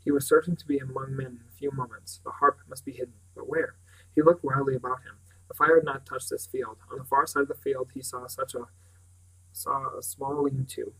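A man's voice: mid-range voice, creaky, husky, low-quality recording. A man reading a novel aloud as narrator, now and then stumbling and restarting words. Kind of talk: audiobook reading.

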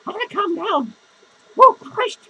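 A man's voice: extremely high pitch, lively intonation, unhurried, bright, forceful tone, muffled recording, exaggerated voice. A man playing a foul-mouthed, drunk, lonely female clown who rambles, curses constantly and grumbles through a comic podcast monologue. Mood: cranky. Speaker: podcast host character. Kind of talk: improvised comedy monologue.

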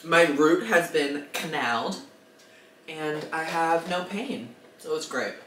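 A man's voice: fairly high pitch, slow pace, fairly bright tone, reverberant, a little hiss or hum. A young man vlogging casually, dramatic and self-deprecating, gushing about things. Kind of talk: casual vlog chatter.

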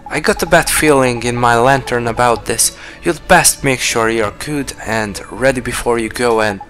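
A man reading the lines of an excitable male fairy companion in a chatty, dramatic way. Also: medium pitch, normal speed, faint music behind, close to an everyday voice. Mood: worried.

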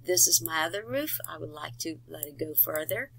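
A woman walks through a software tutorial click by click, in a somewhat low voice with a gravelly edge. She talks in steady instructions, with fillers and quick self-corrections along the way. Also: slight background noise, poor audio.

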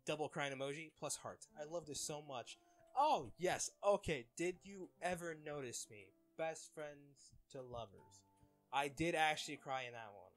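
A man's voice: on the high side, lively intonation, normal speed, faint music behind. A young man reading fan comments aloud in casual chat, laughing often and getting flustered over names.

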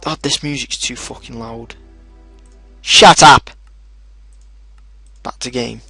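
A young man giving casual commentary over his own gameplay, excitable and swearing often, shouting at his in-game dogs. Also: mid-range voice, moderate pace, vocal fry, slightly rough, dry recording, soft background music. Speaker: gaming video host. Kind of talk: casual let's play commentary.

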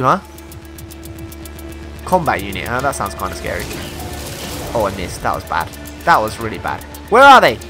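A young man giving excitable let's-play commentary, exclaiming and laughing often as he plays. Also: a little high. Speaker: gaming YouTuber.

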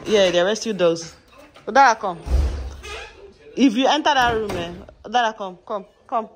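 A woman's voice: medium pitch, moderate pace, a little hiss or hum. A woman vlogging casually at home, coaxing and calling her dogs and laughing often. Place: home indoors.

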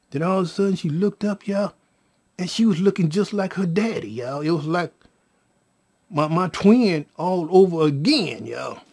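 A man telling his own story to viewers in an emotional, animated way, addressing them as y'all with casual slang. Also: fairly high pitch, husky. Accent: Californian.

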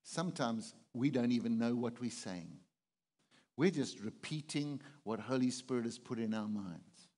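A South African pastor delivers a conversational sermon in a large hall, frequently putting questions to the congregation. His medium-pitched voice is expressive, with a darkish tone and a measured pace.

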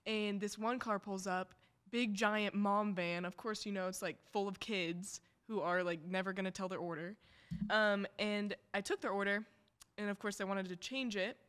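A young woman on a student podcast, telling a story with an easygoing pace. Her voice sits in a middle range, and she pauses often with "um" and "you know". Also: mid-range voice, clean tone. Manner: relaxed, hesitant with fillers. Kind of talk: casual storytelling.

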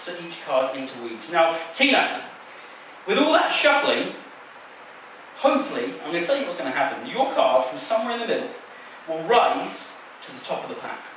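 Teasing his volunteer through a card trick, a stage magician keeps up playful patter on a large theater stage. He speaks at normal speed in a fairly high, very animated, slightly bright voice, captured from a distance with theater echo and a little hiss or hum.

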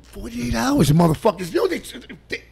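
A man, a podcast guest telling stories in casual chat, animated and profane and laughing often. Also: very high voice, moderate pace, gravelly, a crowd in the background.

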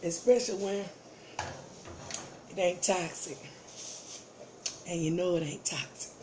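A woman's voice: lowish voice, fairly even intonation, measured pace, pauses often, noisy background. A woman chatting casually with her viewers while eating on camera, playful and savoring each bite. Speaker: mukbang vlogger. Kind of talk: casual eating vlog chat.

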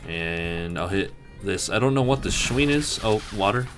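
A young man commentating on his playthrough, excitable and often swearing. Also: deep voice, normal speed, music in the background. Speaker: gaming channel host. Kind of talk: let's play commentary.

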